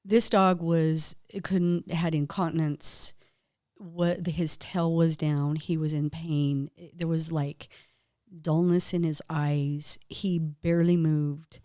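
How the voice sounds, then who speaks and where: A woman's voice: low voice, flat delivery, slow, dark tone, smooth, no room sound, studio quality. Heartfelt, emotional woman storyteller. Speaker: acupuncturist guest. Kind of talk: casual interview conversation.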